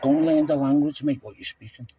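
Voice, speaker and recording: A man's voice: fairly high pitch, fast, a crowd in the background. A man in his fifties arguing at the roadside in a combative, lecturing way, calling the officer "mate" over and over. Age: 50s. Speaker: stopped motorist. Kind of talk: heated roadside argument. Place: roadside, by a car.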